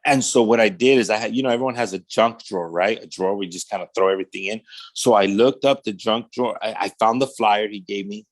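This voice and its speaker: A man's voice: on the low side, fast. A man, a pastor, recounts his own life story for a podcast interview. He talks in loose, slangy everyday speech and jumps into the voices of the people he quotes, acting out their lines as he goes. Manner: animated storyteller who acts out quoted dialogue; casual street slang, often says "man".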